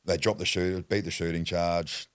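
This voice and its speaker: A man with an Australian accent and an extremely deep voice recounts his past in a blunt, rambling way, swearing freely. The sound is close and dry, with no room echo. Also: level tone, moderate pace, smooth. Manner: rambling, restarts sentences. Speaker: podcast guest. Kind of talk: candid personal storytelling.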